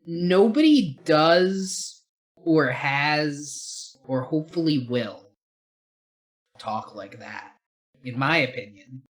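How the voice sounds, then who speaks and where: Podcast co-host, casual film review, rambling, opinionated, mid-pitched voice. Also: lively intonation, takes it slowly.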